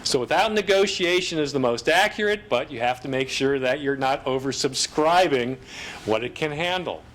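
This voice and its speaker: A man giving a technical conference presentation, explaining terms in a brisk, fast-bursting way. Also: medium pitch, expressive, fairly bright tone.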